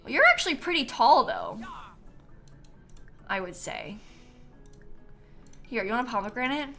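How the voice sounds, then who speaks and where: A woman's voice: on the high side, huge pitch swings, unhurried, vocal fry, bright, forceful tone, faint music behind. A young woman streamer chatting casually while playing a game, tired and yawning, with lots of ums and likes and frequent laughs. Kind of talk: casual live-stream gameplay chat.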